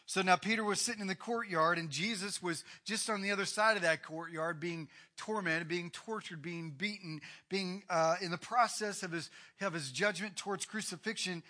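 A man preaching a sermon, retelling a Bible story with swings from hushed to loud. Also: fairly high pitch, moderate pace. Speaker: pastor.

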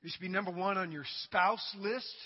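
A male pastor preaching a sermon to his congregation, dramatic and humorous, swinging from loud cries to quiet asides. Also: high-pitched, fairly even intonation, normal speed, breathy edge. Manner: humorous, addresses the congregation directly. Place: church sanctuary. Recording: dull recording with long hall reverb.

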